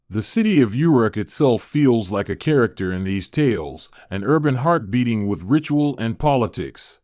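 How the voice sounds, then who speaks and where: A man narrating a bedtime history story in a calm, soothing, slow voice. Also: mid-range voice, dry recording, studio quality. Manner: slow, soothing, even delivery.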